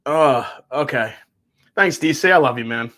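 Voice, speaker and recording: A man's voice: mid-range voice, a little slow, pushed and bright. A young adult man hosting a live whiskey stream, chatting casually, groaning and cussing at what he tastes. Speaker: whiskey livestream host.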